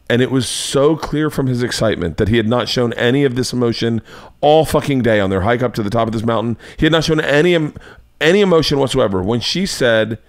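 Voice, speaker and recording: A man in his forties hosting a podcast in casual chat, telling animated stories with swearing and sudden jumps in pitch for emphasis. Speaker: podcast host.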